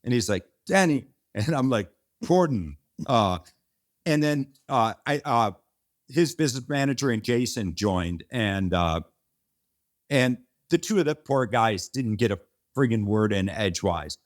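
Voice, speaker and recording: A company founder in a relaxed interview, talking in long rambling runs. His voice sits at an ordinary middle pitch, and he tells the story with plenty of restarts and the odd swear word. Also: measured pace. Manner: rambling and animated, frequent restarts and mild swearing.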